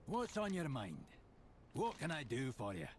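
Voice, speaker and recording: A man's voice: mid-range voice, wildly swooping pitch, unhurried, slight background noise. An actor playing a male video game vendor character who offers short stock greetings. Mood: brisk. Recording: game audio over music.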